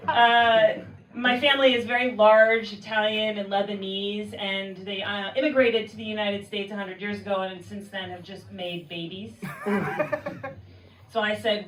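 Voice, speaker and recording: A woman from Oakland, California doing a stand-up comedy set, telling stories deadpan with quick asides and acting out the people she quotes. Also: medium pitch, recorded from a distance, background noise. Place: live comedy club with audience. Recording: echoey room, mic heard from afar, crowd laughter.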